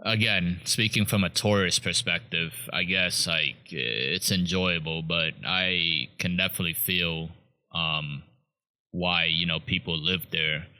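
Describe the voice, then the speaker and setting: A man's voice: sits low, steady tone, unhurried, sharp tone. A man co-hosting a podcast, chatting casually with loose, swearing banter and frequent laughter. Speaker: podcast co-host. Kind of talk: casual chat.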